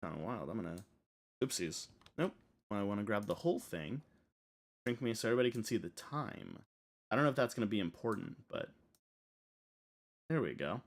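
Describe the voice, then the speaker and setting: A man streaming a game, telling a story in an animated, rambling way full of fillers. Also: on the low side, a little fast, long pauses. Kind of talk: casual storytelling while playing.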